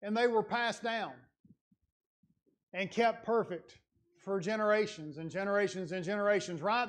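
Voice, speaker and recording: A man's voice: high voice, moderate pace, long pauses. A man delivering a sermon in a church, earnest and conversational, building to emphatic passages. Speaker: lay preacher. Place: church sanctuary.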